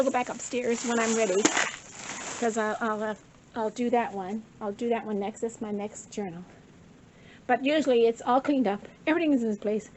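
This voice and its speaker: A woman's voice: on the high side, darkish tone, slight background noise, low-quality recording. Chatty older woman showing her craft room. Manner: rambling, chatty, self-correcting. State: slightly out of breath. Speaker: craft vlogger. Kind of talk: casual show-and-tell of a craft room.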